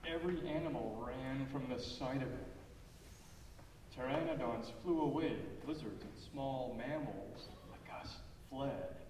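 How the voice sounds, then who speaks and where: A man reading a children's story aloud in church, expressive and lively. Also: mid-range voice, measured pace. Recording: echoey church hall, far off, faint noise.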